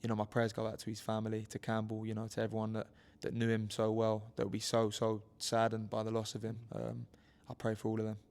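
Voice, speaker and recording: A man's voice: fairly low pitch, monotone, quick pace, few pauses, darkish tone. A young man from England, a boxer, speaking earnestly in an interview with many fillers and restarts. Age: 20s. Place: boxing gym, indoors.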